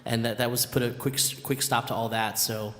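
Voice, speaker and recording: A man from a band telling a lively story in casual chat, laughing and acting out what people said. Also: medium pitch, brisk. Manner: animated, laughing, acts out quotes. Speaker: band member, musical guest. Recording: long hall reverb.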